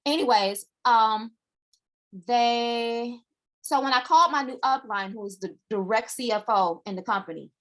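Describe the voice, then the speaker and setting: A woman hosting a live morning chat show, telling a personal story in a chatty, animated way and acting out what others said. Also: fairly high pitch, unhurried. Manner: chatty, animated, acts out quoted voices. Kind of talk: casual live-stream storytelling.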